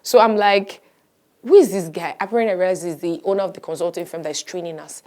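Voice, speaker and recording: Woman pastor, lively testimony. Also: on the low side, fast. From Nigeria. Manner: animated storytelling, acts out quoted voices. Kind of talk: personal testimony interview.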